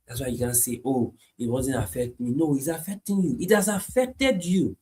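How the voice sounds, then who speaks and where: A man preaching a sermon, repeating his points emphatically and moving between hushed lines and loud climaxes. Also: medium pitch, moderate pace. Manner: repetitive, emphatic, swings from hushed to shouting.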